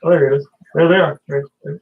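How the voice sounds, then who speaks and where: A man's voice: on the high side, fairly even intonation, fast, slightly rough, narrow, tinny audio. A man chatting casually on a livestream, rambling as he reads out viewer comments and talks about his tanks. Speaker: fish-keeping livestreamer.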